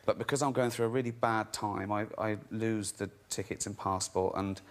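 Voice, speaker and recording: A man chatting as a guest on a talk show, stammering and often breaking into high laughter. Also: little pitch movement, normal speed. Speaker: guest, comedian and director. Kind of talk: chat show banter.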